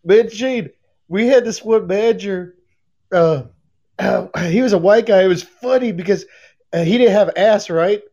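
A man's voice: high-pitched, a little slow, darkish tone. A man chatting casually, telling funny stories and laughing along. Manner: laughing, storytelling. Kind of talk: casual chat. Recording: dull lo-fi audio.

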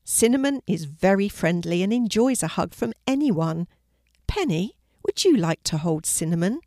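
A woman voicing a kind, confident young girl in a storybook reading, gentle and reassuring. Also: medium pitch, sing-song, normal speed, dry recording, clean studio sound.

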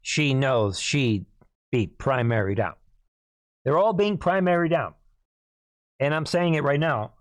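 A man with a hoarse voice hosts a commentary monologue, often stopping to clear his throat. He talks emphatically and keeps calling out to his listeners as "people". His voice sits at an ordinary middle pitch, recorded dry with no room sound. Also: a little slow, pauses often, no echo. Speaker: host.

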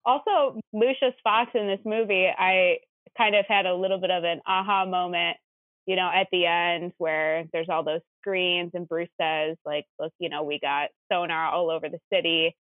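A woman in casual podcast chat who makes joking, quick asides. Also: lowish voice, fairly even intonation, no echo. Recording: tinny phone-like line.

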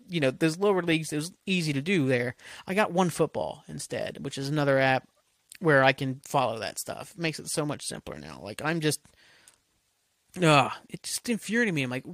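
A male podcast host rambling through a heated solo rant, full of swearing and restarts. His voice sits a little high, and the sound is dry and close, with no room echo. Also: fairly bright tone.

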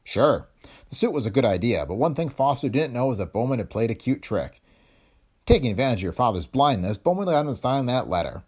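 A man's voice: medium pitch, sing-song, a little fast, a little mellow, slightly rough, voice pushed up. A man voicing a weary, hard-boiled detective laying out his accusations in an audiobook reading. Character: tough, weary male private detective.

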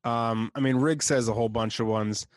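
A man's voice: mid-range voice, fairly even intonation, normal speed, no echo. A man co-hosting a podcast, chatting casually and chuckling often as he recalls scenes. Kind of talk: casual chat.

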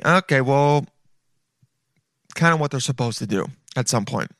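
A man's voice: mid-range voice, expressive, normal speed, creaky, a bit bright, no room sound. A man hosts his podcast alone, riffing in a loose comedic monologue full of swearing and friendly "dude"s. His voice sits in an ordinary middle register. The recording is dry and close. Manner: profane, rambling, chummy, says dude a lot. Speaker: podcast host.

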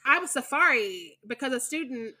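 A young woman co-hosting a podcast in casual chat, blunt and animated, swearing freely. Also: high-pitched, moderate pace, crowd noise. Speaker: podcast co-host.

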